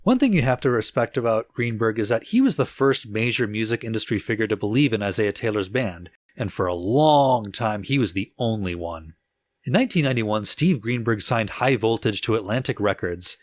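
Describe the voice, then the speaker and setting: A man co-hosting a casual music-history podcast, relaxed and chatty with easy laughter and plenty of fillers. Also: on the low side, brisk, no room sound. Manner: relaxed storyteller, laughs easily, lots of filler "like". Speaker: podcast co-host.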